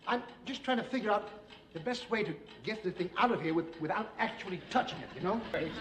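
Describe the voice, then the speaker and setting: An actor playing a nervous English husband trying to deal with a bomb in a 1970s TV sketch, anxious and exasperated. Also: male voice, sits high, animated, fast. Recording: old TV clip with heavy background noise.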